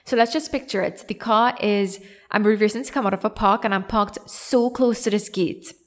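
A young woman with a Trinidadian accent tells a story on her podcast. She talks casually and with lots of animation, pokes fun at herself, and acts out the voices of the people she quotes. Her pitch sits in an ordinary middle range. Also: normal speed. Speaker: podcast host.

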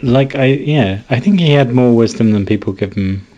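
A man's voice: mid-range voice, normal speed, dark tone, highs cut off. A man co-hosting a podcast, chatting playfully and laughing often. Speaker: podcast co-host. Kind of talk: casual chat.

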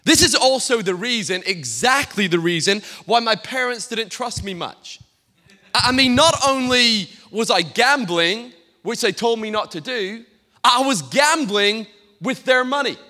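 A Scottish man preaches from the pulpit, spinning funny stories and tripping over repeated words. His voice sits high and sounds sharp and forceful. The sermon rings out with a long reverb through a church hall. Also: lively intonation, a little slow. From Scotland. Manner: humorous storytelling, stammering repeats. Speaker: guest pastor.

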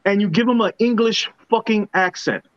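A man's voice: sits high, moderate pace, no room sound. A man co-hosting a podcast, ranting in a heated, profane way. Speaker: podcast co-host. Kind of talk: casual podcast rant. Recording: dull, dry lo-fi sound.

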